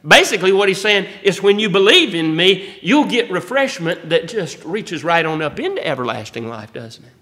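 A man's voice: high-pitched, big pitch swings, moderate pace, few pauses, pushed and bright. A man preaching a sermon as pastor. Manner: folksy preaching, rising to bold emphasis.

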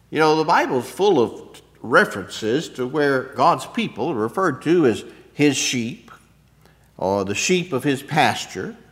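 A man preaching a sermon, unhurried, often clearing his throat, building to emphatic peaks and then dropping soft. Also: mid-range voice. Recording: long hall reverb.

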